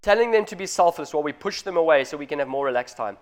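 Earnest and direct, a man in his thirties races through an expressive sermon, driving each point home to the parents in the congregation. His voice is a bit higher than the typical man's.

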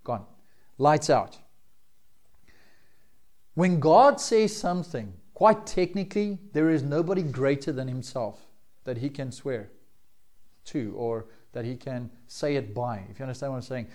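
A man's voice: medium pitch, expressive, a little slow, pauses often, darkish tone. A middle-aged man, a pastor, preaching a sermon in a conversational way and often checking in with his listeners.

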